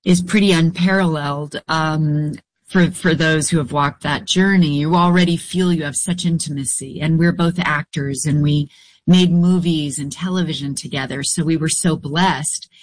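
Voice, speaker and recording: A woman's voice: low-pitched, fairly even intonation, moderate pace, no room sound. Reflective woman telling a story, dry sound. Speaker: guest. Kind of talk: interview storytelling.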